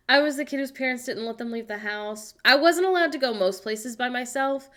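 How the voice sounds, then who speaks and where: An American woman hosting a casual livestream, chatting playfully and reading viewers' messages aloud with animated, self-mocking humor. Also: sits high, fairly quick, hardly any pauses. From United States. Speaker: livestream host reading chat. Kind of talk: casual chat.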